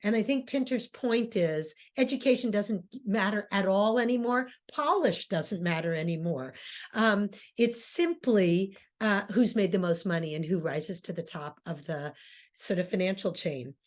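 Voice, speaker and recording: A woman's voice: medium pitch, animated, a little slow. A woman lecturer and theater director giving a class on plays, talking with frequent ums and restarts. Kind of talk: lecture on drama, reading play excerpts aloud.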